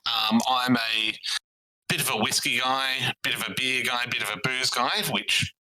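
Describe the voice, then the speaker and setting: A man's voice: mid-range voice, fairly even intonation, moderate pace, crowd noise, rough recording. A young Australian man guest-hosting a podcast quiz, easygoing and self-deprecating, on a video call from home. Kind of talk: casual podcast chat.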